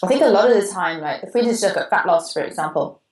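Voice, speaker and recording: A woman's voice: mid-range voice, expressive, quick pace, roomy sound, rough recording. A Welsh woman co-hosting a podcast, chatting casually and reading out a listener's question, with a digressive manner. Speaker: podcast co-host.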